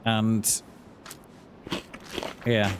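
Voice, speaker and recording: A man with a fairly low voice and flat delivery draws out his words as he streams a game. The casual livestream talk rambles and hesitates, with frequent repetitions and game noise in the background.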